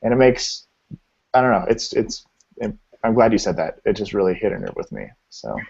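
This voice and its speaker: A man hosting a relaxed chat, joking and telling stories with lively energy. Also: lowish voice, normal speed, vocal fry, slightly rough. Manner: jokey, animated storyteller. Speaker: host. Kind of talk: casual chat. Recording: dull lo-fi sound.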